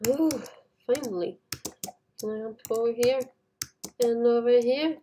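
A woman giving casual gameplay commentary to her viewers in non-native English phrasing, shouting at jumps. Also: fairly high pitch, unhurried, a little hiss or hum. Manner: excitable, talks to the viewers while playing, shouts at jumps. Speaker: gaming YouTuber.

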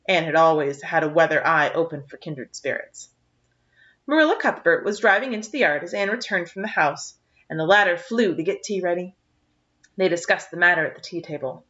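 A woman reading a novel aloud, narrating a chapter in a steady, even-paced way on a dull lo-fi recording. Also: fairly low pitch, brisk, far from the mic. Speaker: reader. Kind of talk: audiobook narration.

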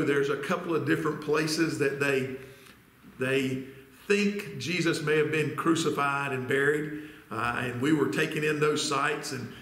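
A man's voice: a little high, a bit bright, reverberant. A man preaching a sermon as pastor, reading scripture aloud and putting questions to his congregation. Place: church sanctuary.

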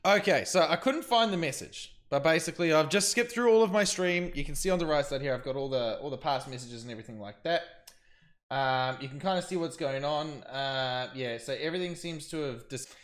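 Rambling streamer recapping. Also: male voice, fairly high pitch, fairly quick, fairly bright tone. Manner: rambling, filler-heavy storytelling. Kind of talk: commentary recap to camera.

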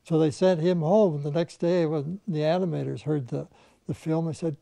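Older man, gravelly voice, mellow tone, reminiscing animation veteran, anecdotal, mimics people he quotes, dry close sound. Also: on the high side, steady tone, normal speed, dry recording. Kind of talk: reminiscing conversation.

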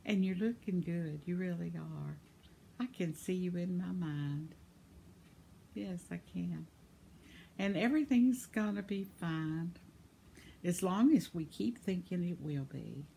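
A woman's voice: lowish voice, lively intonation, slow, gravelly, pauses often, warm tone, slight background noise. A woman, chatting casually and laughing often as she reads viewer comments on her vlog. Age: 70s. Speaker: vlogger.

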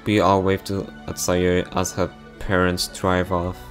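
Low, slow-voiced man reading softly. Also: monotone, faint music behind. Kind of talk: reading a visual novel mod aloud.

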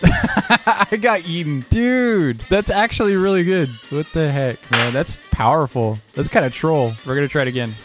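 Excitable man with a slightly high voice. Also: normal speed, few pauses, faint music behind. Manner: excitable, laughs often, sudden high-pitched outbursts. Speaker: gaming YouTuber. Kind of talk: casual gameplay commentary.

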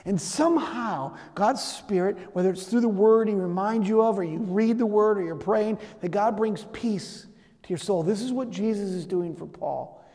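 A man's voice: high-pitched, moderate pace, mellow. A middle-aged male pastor preaching a sermon in a conversational, storytelling way. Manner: conversational storytelling with acted asides. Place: church sanctuary. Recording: long hall reverb.

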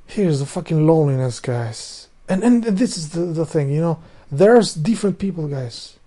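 Guy vlogging, kinda high mellow voice, rambles, swears, keeps losing what he was saying. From Albania. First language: Albanian. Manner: rambling, profane, loses his thread and restarts sentences. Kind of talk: casual rambling monologue.

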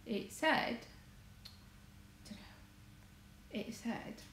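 Woman from England, wandering casual chat, animated swooping voice, roomy echo. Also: a little high, very slow, pauses often. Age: adult, married. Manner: chatty, wandering, self-correcting. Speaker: crafts vlogger. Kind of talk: rambling casual livestream chat. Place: home conservatory. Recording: echoey room, faint background noise.

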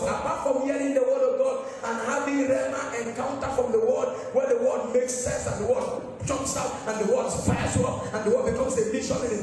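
A pastor with a very high, slightly mellow voice preaches an emphatic sermon full of call-and-response and sing-song rises. He's captured from a distance in an echoey hall, with music faintly audible.

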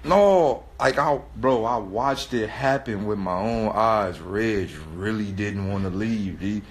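A man's voice: lowish voice, slow pace. A man in his thirties telling a story in casual street slang, laughing often and repeatedly asking "right?". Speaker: host.

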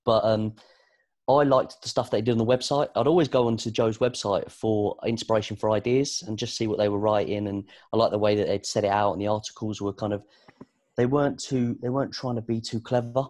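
A brisk British man, a sports producer and presenter, appears as a guest on a relaxed interview podcast. His voice sits a little low, and his stories come out lively and rambling, full of fillers and restarts.

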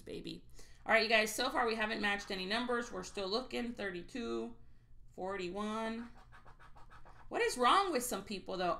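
A woman's voice: on the high side, creaky, sharp tone. A woman hosting a live stream, chatting casually and telling stories in a blunt, salty way while she reads viewer names. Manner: blunt and salty, swears freely; chatty storyteller. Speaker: livestream host scratching lottery tickets.

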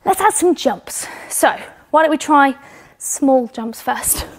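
A woman's voice: sits high, animated, takes it slowly. A young woman with a British accent coaching children through gymnastics exercises at home, encouraging and a little out of breath as she demonstrates. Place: home indoors.

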